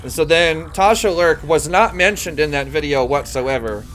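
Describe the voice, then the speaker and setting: A male streamer in casual conversation, his voice sitting a little high. He rambles, restarts sentences and laughs easily, with quiet music playing behind him. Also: normal speed. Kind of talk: casual live-stream chat.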